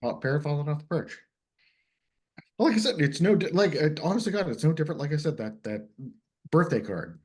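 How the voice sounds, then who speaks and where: A man co-hosting a podcast in casual chat, blunt and quick to laugh. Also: fairly high pitch, expressive, darkish tone, husky. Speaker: podcast co-host.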